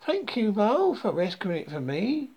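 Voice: mid-range voice, huge pitch swings, normal speed, darkish tone, slightly rough, pitched above the performer's own voice. A reader voicing a grumpy, weepy bat in a rhyming children's story, whiny and fretful.

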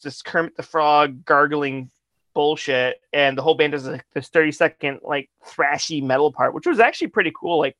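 A man's voice: on the high side, fairly bright tone, no echo. A man, a guest musician, telling a rambling funny story in casual talk, swearing and laughing often.

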